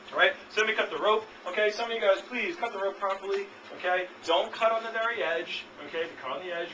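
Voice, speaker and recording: Energetic male sales trainer, quick delivery, distant noisy camcorder audio. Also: on the high side. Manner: energetic, constantly checking in with "okay?". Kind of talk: live sales training demonstration. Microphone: built-in camcorder mic.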